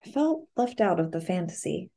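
A woman giving a soft-spoken, measured first-person audiobook narration. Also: on the low side, very animated, creaky.

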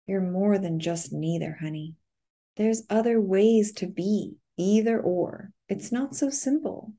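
A woman's voice: medium pitch, takes it slowly, warm tone. A woman reading the part of a tender, affectionate woman who speaks soothingly and calls her partner honey. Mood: reassuring.

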